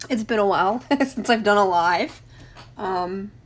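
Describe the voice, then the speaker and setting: A woman's voice: medium pitch, measured pace. A middle-aged woman hosting a casual craft live stream, greeting viewers by name and laughing often between remarks.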